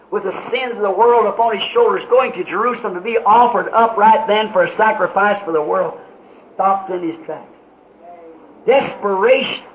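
A man preaching a sermon in an impassioned way, rising to shouts with dramatic pauses, on an old muffled tape. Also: sits high, a little hiss or hum.

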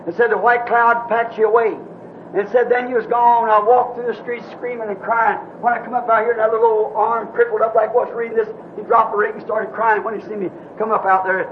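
High-voiced impassioned preacher man. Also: level tone, fairly quick. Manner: impassioned, swings from hushed to shouting. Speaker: minister. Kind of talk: sermon. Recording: dull lo-fi tape with faint hiss.

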